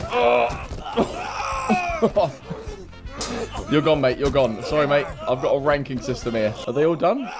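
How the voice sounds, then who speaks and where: A man streaming a fighting game, reacting loudly, repeating himself and laughing often. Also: mid-range voice. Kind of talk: excited gameplay commentary.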